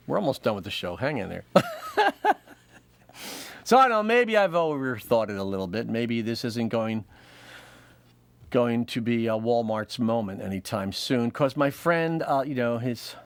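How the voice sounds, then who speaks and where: A man's voice: medium pitch, animated, moderate pace, long pauses, dry recording. A man hosting a comedy show, delivering a rambling monologue and laughing at his own jokes. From United States. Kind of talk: comic monologue.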